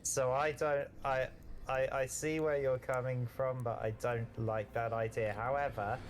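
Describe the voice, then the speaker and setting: A man's voice: mid-range voice, flat delivery, a little slow, slight background noise. A man playing a tabletop game, hesitant with many restarts but good-humored. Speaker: player. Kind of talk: casual tabletop game chat.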